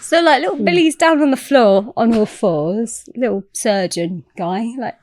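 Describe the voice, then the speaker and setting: A woman guest on a podcast telling a story in casual chat, animated and swearing freely. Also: on the high side, measured pace, no room sound, studio quality.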